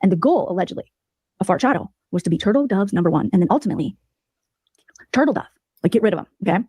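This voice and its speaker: A woman giving sarcastic, mocking gossip commentary as a streamer, telling the story in an animated way. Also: medium pitch, rapid-fire, slightly rough, dry recording.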